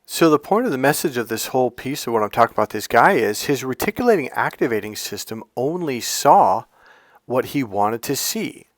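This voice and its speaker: A man's voice: mid-range voice, big pitch swings, a little fast, dry recording. Brash male dating coach, swears freely, mimics people to mock them, dry close sound. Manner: blunt and profane, mocks others with put-on voices. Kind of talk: casual advice monologue.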